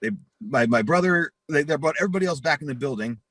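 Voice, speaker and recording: A husky-voiced man spins a rowdy, profane story in an interview, acting out everyone's lines as he goes. His voice sounds dry and close. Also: a little high, expressive, quick pace, a bit bright, no echo. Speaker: interview guest.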